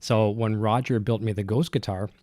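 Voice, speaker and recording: A man's voice: on the low side, steady tone, moderate pace, warm tone, dry recording. A man with a cold, breathing heavily, hosting a guitar gear livestream from his home studio and chatting loosely with lots of fillers. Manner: rambling, many fillers and restarts. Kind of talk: casual live-stream chat, reading viewer comments. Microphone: dynamic broadcast mic close up.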